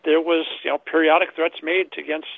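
A man's voice: on the high side, little pitch movement, a little fast, gravelly, dry recording. A man calling in to a talk radio show, rambling and repeating words as he searches for them, heard over a phone line. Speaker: caller.

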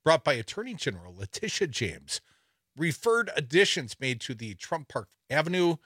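A man's voice: a little high, sing-song, moderate pace, a bit bright, breathy edge, dry recording. A man hosting a talk radio show, reading news stories with sarcastic asides and a wry, laughing delivery into a studio microphone.

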